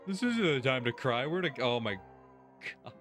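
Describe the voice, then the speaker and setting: A man's voice: mid-range voice, very animated, moderate pace, fairly bright tone, soft background music. A man hosting a let's-play video, reading game text aloud and reacting with exasperation and heavy swearing. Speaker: gaming video host.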